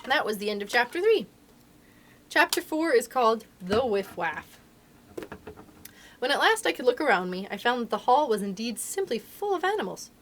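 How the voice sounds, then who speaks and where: Woman reader for library storytime, higher voice, lively and expressive telling of a children's book. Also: normal speed, a little hiss or hum. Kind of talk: reading a children's novel aloud.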